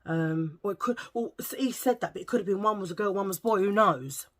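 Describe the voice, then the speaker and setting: A woman's voice: mid-range voice, fairly quick. A middle-aged woman, telling a rambling story in a casual vlog chat and searching for words as she goes. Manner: rambling, chatty, searches for words, eats while talking. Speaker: vlogger.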